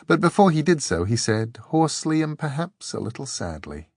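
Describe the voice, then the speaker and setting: A man narrating an audiobook in a measured, expressive way. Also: fairly high pitch, no room sound, studio quality.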